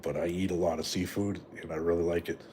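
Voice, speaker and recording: Fast and flat, with a low, mellow voice, a middle-aged man from Canada rambles through his live stream, profane and heavy on fillers and "right?" tags. Slight background noise can be heard.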